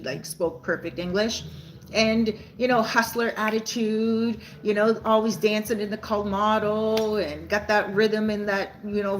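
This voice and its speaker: A woman's voice: medium pitch, slight background noise, rough recording. A woman vlogger and soul coach telling a story to camera in a casual, rambling way, often tagging her sentences with "right?" and "you know". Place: lives in a Caribbean beach town.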